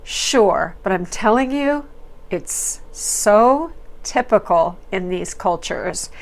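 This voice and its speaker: A woman's voice: mid-range voice, animated, slow. A woman hosting a reality TV recap, talking in a chatty, opinionated way with fillers and quoted asides. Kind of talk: casual commentary.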